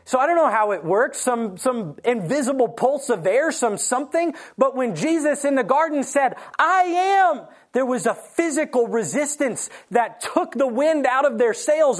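A preacher delivering a morning sermon, telling scripture stories with lively acted-out quotes and slowing down to stress key points. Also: high-pitched. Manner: animated storytelling, acting out quoted lines. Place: church morning service.

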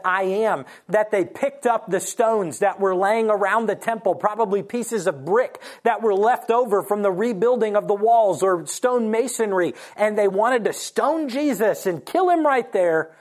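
A preacher giving a sermon in a mid-pitched voice. They act out quoted lines with sudden lifts in pitch, then slow down deliberately to press home key points. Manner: animated storytelling, acting out quoted lines; slows down to stress key points. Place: church morning service.

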